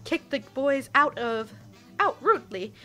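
Girl putting on a southern devil voice, slow and threatening, a bit high. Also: lively intonation, pushed and bright, soft background music, exaggerated voice. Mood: menacing. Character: menacing male devil, boss of debts.

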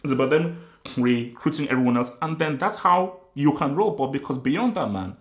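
A man's voice: medium pitch, expressive, moderate pace. A man giving a casual, rambling film review, repeating himself and stating blunt opinions. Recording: roomy echo.

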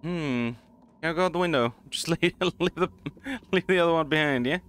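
A gaming channel host provides casual let's play commentary on a game while playing, rambling, mocking himself, and chuckling often. His voice is fairly high-pitched, brisk, a bit bright, and clean.

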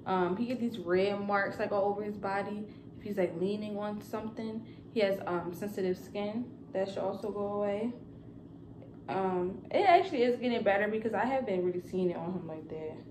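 Young woman, casual vlog chat, rambling, lots of fillers, mid-pitched, echoey room. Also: normal speed, background noise. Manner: chatty and rambling, with many fillers. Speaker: vlogger and new mother.

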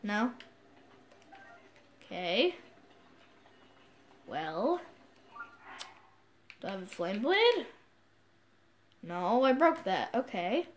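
A woman commentating a video game playthrough, excitable and self-mocking, quick to yell at the game. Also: mid-range voice, slight background noise. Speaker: gamer. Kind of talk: let's play commentary.

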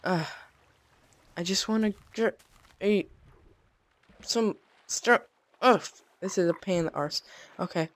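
Woman doing a lets play, mid pitch, chatty, yelps when stuff jumps her. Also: takes it slowly, long pauses, no echo. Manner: chatty, bursts into startled exclamations. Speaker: let's play gamer. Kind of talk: casual gameplay commentary.

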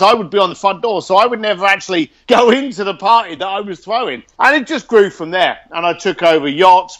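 Interview guest: man with a high voice, blunt, animated storyteller, swears. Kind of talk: casual storytelling.

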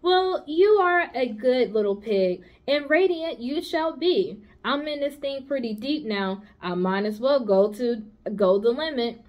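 Charlotte, a woman doing a gentle clever spider. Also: sits high, lively intonation, measured pace, hardly any pauses, lo-fi sound. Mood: coaxing. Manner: patient, coaxing, giving orders kindly. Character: gentle, clever female barn spider, patient. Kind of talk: storybook read-aloud.

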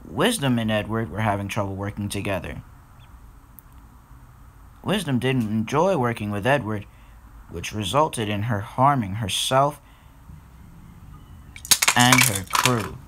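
A man's voice: on the low side, expressive, a little slow, long pauses, fairly bright tone, a little hiss or hum. A man narrating a fan-made storybook episode and talking directly to listeners. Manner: plain reading, talks straight to listeners.

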